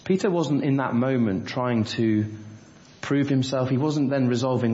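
A man's voice: medium pitch, normal speed, mellow. A man preaching a sermon, telling a story and then asking the congregation rhetorical questions. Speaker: pastor. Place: church. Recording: roomy, dull church recording.

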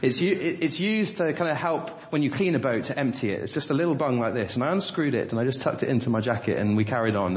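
A man preaches in a church, moving from a lively story to earnest rhetorical questions. His voice echoes around the room, and the recording is muffled and dull. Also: mid-range voice. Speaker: pastor. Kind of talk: sermon.

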